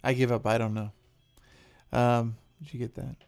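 A man's voice: mid-range voice, level tone, moderate pace, creaky, darkish tone, clear, resonant tone, faint music behind. A man hosting a casual wine podcast, joking and rambling as he talks. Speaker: podcast host.

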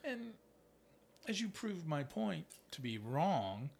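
Gravelly-voiced man chatting about wine. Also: a little high, very animated, takes it slowly, darkish tone. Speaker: podcast co-host. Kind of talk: casual chat about wine.

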